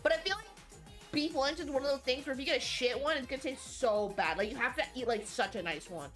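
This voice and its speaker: A woman's voice: sits high, fast, fairly bright tone, soft background music. A young woman streaming live, chatting casually and animatedly with her chat, swearing freely and restarting her sentences. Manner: talks to chat, frequent fillers and restarts.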